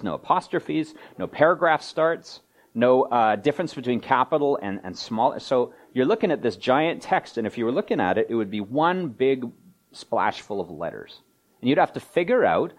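A man preaching a sermon, explaining a passage and acting out its voices with lively swings. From Canada. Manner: animated, acts out quoted voices with wide pitch swings. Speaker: pastor.

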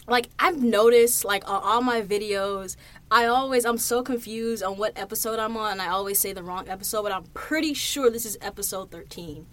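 A woman's voice: medium pitch, fairly bright tone. A young woman hosting her own podcast in a studio, telling stories in a chatty, loose way and swearing freely. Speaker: podcast host. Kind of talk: casual monologue. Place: recording studio.

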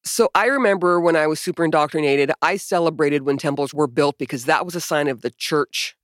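A woman's voice: low-pitched, fairly quick, no room sound, studio quality. A woman co-hosting a podcast in casual chat, profane, sarcastic and mocking as she reads things aloud. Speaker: podcast co-host.

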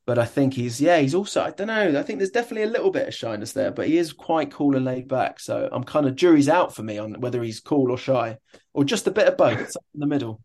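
A man's voice: medium pitch, expressive, fast talker, darkish tone. A young adult man, a stadium announcer, chatting in an interview and telling stories with enthusiasm and many restarts. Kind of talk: casual interview chat.

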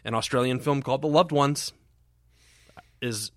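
A man co-hosting a horror film podcast, talking in a rambling, halting way with casual swearing. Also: medium pitch, dry recording, studio quality. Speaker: podcast co-host.

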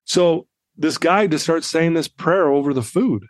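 A man in his fifties, a podcast guest telling a personal story in an animated way and acting out the people in it. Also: fairly high pitch, measured pace, no room sound.

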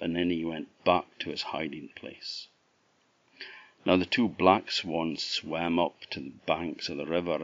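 A man from Orkney with an Orkney Scottish accent, telling a folktale in an unhurried, expressive way. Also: deep voice, lo-fi sound. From Orkney, Scotland. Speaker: storyteller. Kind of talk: oral folktale storytelling.

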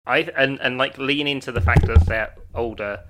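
A man's voice: medium pitch, steady tone, normal speed, background noise. A man co-hosting a film podcast, casually recapping the plot and laughing often. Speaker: podcast co-host. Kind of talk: casual film review chat.

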